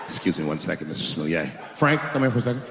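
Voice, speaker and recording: Brief: man putting on a weary veteran cop taking a report, lowered deadpan voice, stand-up bit in a roomy theater. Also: rapid-fire, very noisy. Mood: deadpan questioning. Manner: low, flat, patient questioning. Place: large theater stage. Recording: roomy hall with long reverb.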